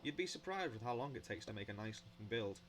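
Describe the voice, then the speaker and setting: A man's voice: fairly low pitch, lively intonation, fast, faint music behind. A young man rambling in a casual monologue while building in a game, blunt and chatty, swearing now and then. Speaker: Minecraft builder vlogging.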